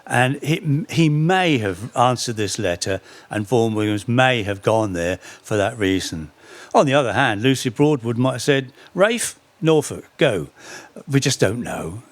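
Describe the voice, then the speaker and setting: A man's voice: medium pitch, dry recording. A middle-aged man giving an anecdotal talk on folk history, with dry humour and frequent self-corrections. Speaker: speaker giving a public talk.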